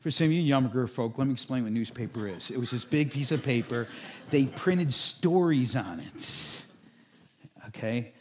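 A man's voice: mid-range voice, lively intonation, moderate pace, darkish tone, slight background noise. A male pastor preaching a sermon in a conversational storytelling way, with asides to the congregation and acted-out quotes.

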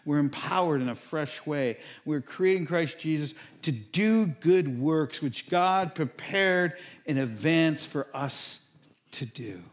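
Animated pastor preaching. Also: male voice, takes it slowly. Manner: animated, acts out quoted reactions with sudden high-pitched bursts. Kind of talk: sermon.

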